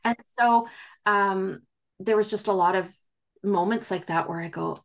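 This interview guest is a woman with a mid-range, vocal-fry voice who takes her time. She tells her story casually, packing it with fillers and acting out what other people said.

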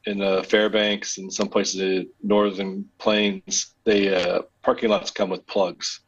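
A man on a podcast panel, explaining something slowly in casual chat. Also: sits low, flat delivery, breathy edge, highs cut off.

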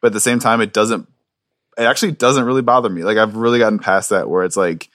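A man's voice: on the low side, fairly even intonation, fast, a bit bright, no room sound, clean studio sound. A man co-hosting a podcast, talking casually about his book in rambling speech full of fillers and restarts. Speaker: podcast co-host and author. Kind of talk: casual chat.

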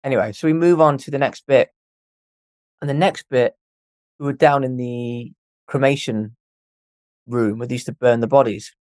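A young man telling a ghost story as a podcast guest, animated and swearing freely as he acts out what people said. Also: medium pitch, no echo. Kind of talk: casual storytelling.

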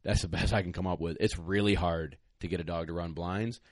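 Deep-voiced, blunt man giving training advice. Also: steady tone, brisk, no room sound, studio quality. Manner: blunt, plain-spoken, emphatic. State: a little out of breath. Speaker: retriever trainer, guest. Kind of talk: casual podcast advice.

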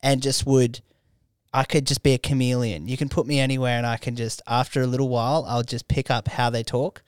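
A young Australian man co-hosting a casual podcast, telling animated stories. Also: mid-range voice, brisk, clean tone, no echo, clean studio sound. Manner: animated storyteller, slips into mimicked voices. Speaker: podcast co-host.

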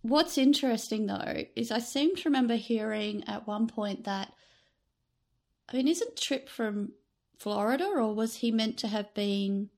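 A woman's voice: a little high, a little slow, darkish tone. A woman from Australia co-hosting a casual podcast discussion. She is chatty and opinionated, with hesitant fillers. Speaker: podcast co-host.

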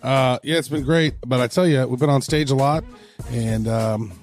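A man's voice: medium pitch, normal speed, faint music behind. A man co-hosting a podcast, joking and bantering in casual chat, a little tired. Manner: jokey, rhyming banter, a bit tired. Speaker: podcast co-host.

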